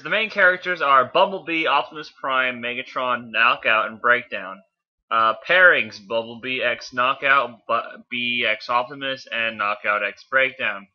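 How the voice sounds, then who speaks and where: A man casually reading fanfiction aloud, offhand, often stumbling and correcting himself. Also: medium pitch. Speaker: fanfiction reader. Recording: dull lo-fi home recording.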